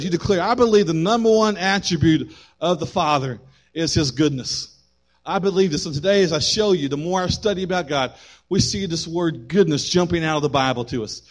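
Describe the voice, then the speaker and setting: Animated man preaching a sermon. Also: fairly high pitch, a little fast. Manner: animated preaching, rising and dropping in loudness, quips to the congregation. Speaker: pastor.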